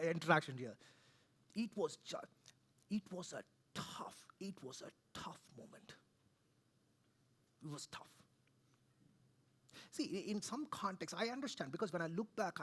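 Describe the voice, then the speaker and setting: A man, preaching conversationally, swinging from loud to hushed and often asking "right?". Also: fairly high pitch, husky. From India. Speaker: pastor. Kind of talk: sermon. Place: church.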